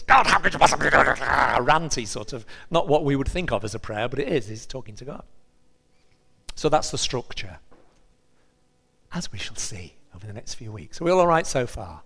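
A man preaching a sermon, telling a story in an animated way and acting out the characters' voices. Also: medium pitch, in a large hall.

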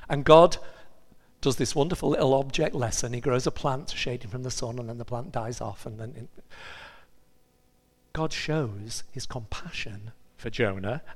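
Animated male preacher in a reverberant hall. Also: medium pitch. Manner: animated storytelling, acting out the characters' voices. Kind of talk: sermon.

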